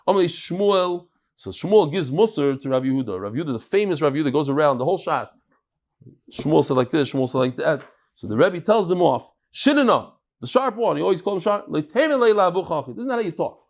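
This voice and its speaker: A man with a slightly high voice and lively intonation gives a brisk daily Talmud lecture as a rabbi. He reasons out loud, acts out each exchange, and peppers his English with Hebrew and Aramaic terms.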